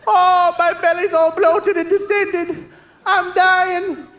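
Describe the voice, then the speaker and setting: A man's voice: very high voice, little pitch movement, takes it slowly, a bit bright, echoey room, pitched above the performer's own voice, heavily acted. A man doing the voice of a starving, picky man who wails and pleads dramatically. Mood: wailing. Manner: wailing, pleading, overly dramatic. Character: whiny starving adult man, melodramatic and picky.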